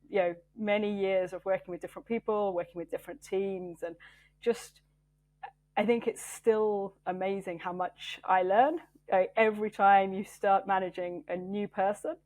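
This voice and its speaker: A woman engineering manager talks through her work as an interview guest. Her voice sits at an ordinary middle pitch, and she thinks aloud with plenty of ums and restarts. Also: darkish tone. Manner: thoughtful, with many fillers and restarts. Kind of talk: interview conversation.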